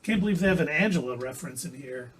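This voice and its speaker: Relaxed man commenting on a game. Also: fairly high pitch, fast, husky. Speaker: co-host of a let's play stream. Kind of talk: casual chat over gameplay.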